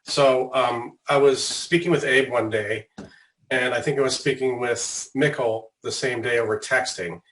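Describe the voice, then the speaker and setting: A man's voice: mid-range voice, steady tone, unhurried, a bit bright, a little hiss or hum, poor audio. A man on a school board making reflective, hesitant remarks with many fillers and restarts.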